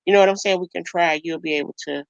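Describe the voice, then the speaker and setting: A woman's voice: lowish voice, fast talker, creaky, no echo, lo-fi sound. Woman hosting a live stream, sweet talk with lots of baby and honey, dry sound, no room. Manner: affectionate, uses endearments like baby and honey. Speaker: livestream host. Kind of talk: casual livestream chat.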